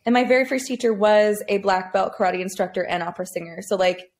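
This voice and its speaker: A woman's voice: mid-range voice, fast talker. Chatty woman singing coach, guest. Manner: chatty, peppers speech with "like". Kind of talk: casual podcast conversation.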